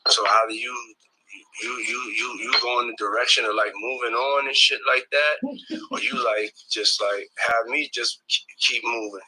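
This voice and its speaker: A man speaks bluntly into a voice message and keeps circling back to the same points. His voice is mid-pitched, with a hard, tense brightness. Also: fairly even intonation, moderate pace, slight background noise, poor audio. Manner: blunt, repetitive, stumbling over words. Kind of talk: recorded voice message.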